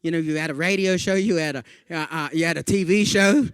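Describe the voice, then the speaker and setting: A man with an Australian accent giving a comedy keynote, telling animated stories and slipping into playful voices for the people he quotes. He talks in a chatty way, with lots of "yeah?" and "you know". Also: fairly high pitch, brisk, smooth, no echo, clean studio sound. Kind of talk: stand-up comedy storytelling to a live audience.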